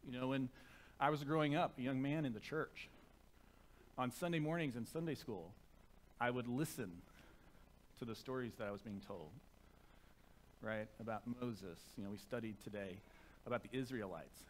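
Pastor, chatty sermon. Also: male voice, medium pitch, moderate pace, long pauses, a little hiss or hum. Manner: conversational and self-deprecating, with soft reverent prayer. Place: church sanctuary. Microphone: microphone.

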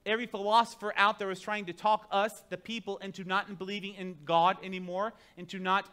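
A man preaching a sermon in a high, bright voice. He is emphatic and speaks directly to the congregation, moving between hushed, conversational asides and loud declarations. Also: flat delivery, brisk, smooth. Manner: conversational, talks straight to the congregation. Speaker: pastor.

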